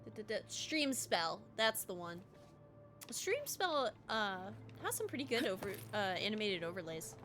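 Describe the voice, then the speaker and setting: A woman's voice: mid-range voice, sing-song, normal speed, fairly bright tone, faint music behind. A young woman with a Southern US accent, chatting casually and bubbly while streaming a game, laughing easily. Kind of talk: casual livestream chat while gaming.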